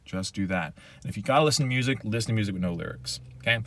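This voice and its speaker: A man in his thirties, a pastor, answering questions in a casual, animated way and often checking in with "okay?". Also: fairly low pitch, rapid-fire. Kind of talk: casual Q&A chat.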